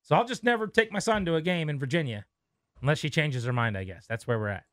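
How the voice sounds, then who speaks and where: A man's voice: on the high side, expressive, quick pace, fairly bright tone, no echo. A man hosting a sports radio show, teasing his co-host, reading promos and taking calls. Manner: wry, teasing, reads promos and takes calls.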